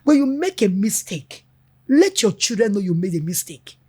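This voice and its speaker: A woman's voice: mid-range voice, normal speed, slightly rough. A middle-aged woman, a mother speaking as a guest in an interview and animatedly acting out conversations with her children. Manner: animated, acts out family dialogue in quotes.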